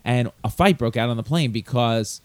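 A man hosting a casual podcast chat, chatty and quick to laugh, telling travel stories. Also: medium pitch, dry recording. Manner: chatty, laughs often, tells anecdotes.

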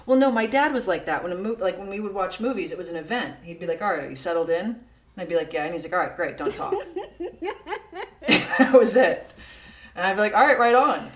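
A woman's voice: mid-range voice, lively intonation, brisk, long pauses. A woman co-hosting a casual chat, blunt and emphatic, swearing often. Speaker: podcast co-host. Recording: roomy echo.

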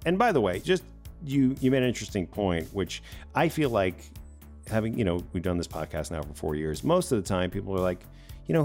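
A man's voice: low-pitched, expressive, quick pace, a little mellow, soft background music. A man co-hosting a podcast in rambling, conversational chat, sometimes mimicking other people. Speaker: podcast co-host.

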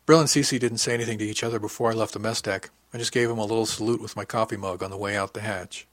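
A man narrating a first-person audiobook in a matter-of-fact, even way. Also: on the low side, very fast, no echo.

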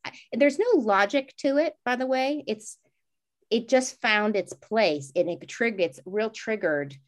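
A middle-pitched woman in her forties talks casually on a podcast. She rambles through a personal story with many restarts, and she jumps up in pitch when she acts out what people said. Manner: animated, acts out quoted voices with big pitch jumps. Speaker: podcast co-host.

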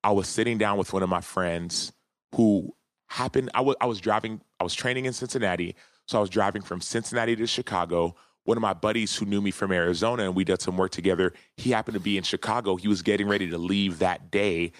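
Male podcast guest, 30s, deep voice, earnest and heartfelt, dry close sound. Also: quick pace, no room sound. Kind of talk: casual interview storytelling.

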